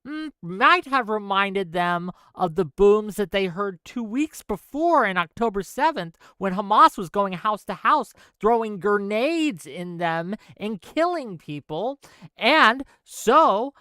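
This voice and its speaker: Heated male stream commentator, smooth dry voice. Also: high voice, a bit bright, dry recording. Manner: heated, profane ranting, then reading an essay aloud. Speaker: stream host.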